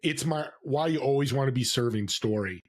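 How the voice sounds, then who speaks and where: Guy on a podcast telling a story, acts out the people in it, mid-pitch voice. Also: fairly quick. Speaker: podcast guest. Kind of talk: storytelling interview. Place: California.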